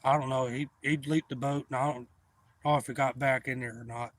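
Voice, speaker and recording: A man hosting a livestream outdoors, telling a story to his chat in a loose, profane, animated way. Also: medium pitch, a little fast. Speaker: livestream host. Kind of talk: casual storytelling to live chat.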